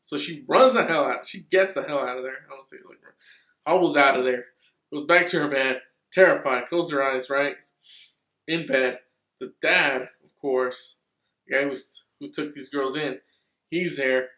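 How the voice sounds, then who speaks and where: A man reviewing a horror movie in a rambling, excitable way, swearing freely. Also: medium pitch, measured pace, echoey room.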